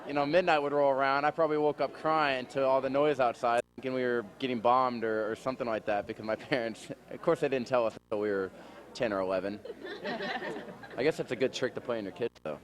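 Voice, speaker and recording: A man spins loose, rambling family anecdotes in a relaxed, chuckling way, his voice pitched in an ordinary middle range. Other people chatter faintly nearby in the background. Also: fast talker. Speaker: family member telling stories. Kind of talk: casual storytelling.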